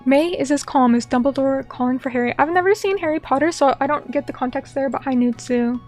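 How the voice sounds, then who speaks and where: Female streamer with a high voice, home chat, playful and teasing, mock-indignant at times, faint music underneath. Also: brisk, darkish tone. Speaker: VTuber streamer. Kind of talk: casual chat reading viewer comments.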